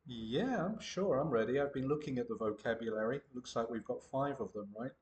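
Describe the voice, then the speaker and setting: Man, casual and jokey, a little hesitant, mid-pitched voice. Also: a little fast, a little mellow. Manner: joking, playful, hesitant. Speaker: English teacher trying out an AI tutor. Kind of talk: casual chat.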